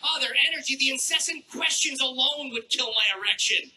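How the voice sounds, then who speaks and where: A man doing a crude stand-up routine on a theater stage with a handheld mic, brash and mock-outraged, troubled by his throat and clearing it. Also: extremely high pitch, a little fast, hardly any pauses, pushed and bright, rough recording. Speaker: stand-up comedian. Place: theater stage before a live audience.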